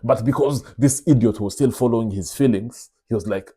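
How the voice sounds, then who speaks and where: A man's voice: mid-range voice, moderate pace, mellow, slightly rough. A young man hosting his own show, telling stories in a casual, confiding way and calling his listeners brothers. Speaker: vlog host. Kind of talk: casual storytelling monologue.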